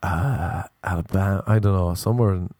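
A man's voice: low voice, moderate pace, a little mellow, no echo. A male comedian telling rambling, self-mocking stories in a laid-back, casual monologue.

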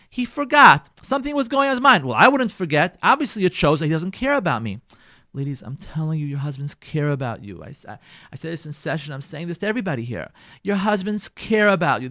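Animated, high-pitched rabbi teaching a class. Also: male voice, dry recording, studio quality. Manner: emphatic, repeats key phrases, mixes in Yiddish words. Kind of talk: lively lecture to a live class.

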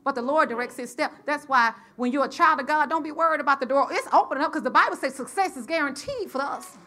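A high, bright-voiced middle-aged woman preaches a sermon. She draws the congregation in with call and response, tells a story from her own life, and climbs into loud shouts. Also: quick pace.

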